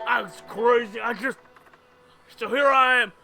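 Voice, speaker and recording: A man voicing a dazed man who was just flung off a bridge, babbling excitedly as he tells what happened. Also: very high-pitched, measured pace, vocal fry, music in the background, full character voice. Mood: amazed.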